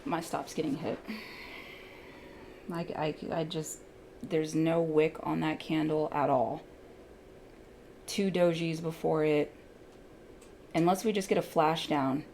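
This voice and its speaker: A woman's voice: low-pitched, fairly even intonation, slow pace, pauses often, a little mellow, a little hiss or hum. A woman day trader giving live commentary on her trades, swearing freely and muttering at the chart.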